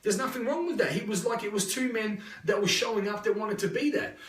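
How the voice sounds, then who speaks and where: A man's voice: sits high, a little fast, fairly bright tone, echoey room, far from the mic. An Australian man giving a live motivational talk, blunt and full of swearing as he tells stories. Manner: blunt, swears freely, restless storytelling. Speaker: motivational speaker.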